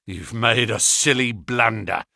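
A man reading an audiobook, voicing an unctuous, smooth-talking middle-aged male villain. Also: on the low side, a little slow, bright, forceful tone, dry recording, clean studio sound, exaggerated voice. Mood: mocking.

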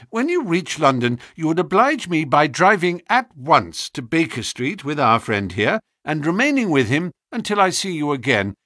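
A man reading aloud, voicing a keen, commanding detective with crisp, intense speech in a storybook. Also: a little high, a bit bright, no room sound, clean studio sound, voice pushed up.

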